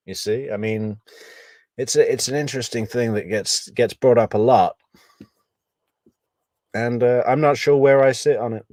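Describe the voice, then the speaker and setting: A man giving casual, analytical true crime commentary, measured and thinking aloud, with wry asides. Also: medium pitch, darkish tone, no room sound.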